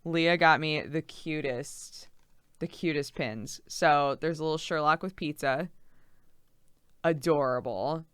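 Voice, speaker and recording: A woman's voice: sits low, slow pace, a bit bright, clean tone, no room sound. A pregnant young woman streamer chatting casually and reading out viewer messages, giggly and rambling with lots of fillers.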